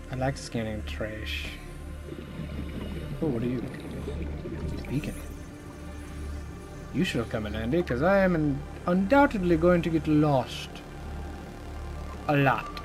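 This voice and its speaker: A young man giving excitable, jokey let's play commentary and chatting to the creatures on screen. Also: a little high, unhurried, long pauses. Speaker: gaming channel host. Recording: game music running underneath.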